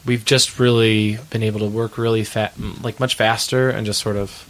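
Male musician guest, lowish voice, reflective and halting. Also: little pitch movement, a bit bright, poor audio. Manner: thoughtful, searching for words, laughs easily. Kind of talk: casual interview chat.

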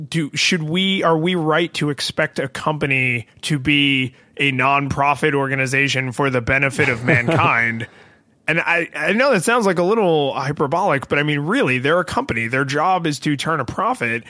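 A man's voice: on the high side, normal speed, no echo. A man co-hosting a podcast, talking casually and wryly about tech companies and acting out quoted voices. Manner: wry, animated, acts out quoted voices.

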